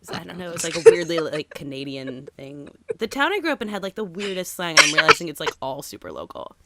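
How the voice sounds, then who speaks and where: Female co-host from Massachusetts, lower register, animated casual chat with lots of laughs and "like". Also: fast talker, heavy background noise. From Massachusetts, USA. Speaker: podcast co-host.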